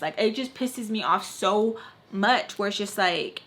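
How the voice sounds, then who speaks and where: A woman's voice: mid-range voice, measured pace, background noise. A young woman telling a personal story in casual vlog chat, heated and ranting, swearing freely and leaning on "like". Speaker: beauty vlogger telling a story.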